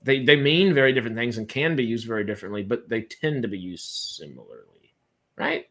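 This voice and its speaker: A man hosting a casual online chat, animated and swearing freely, with many restarts. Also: mid-range voice, fairly quick. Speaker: host.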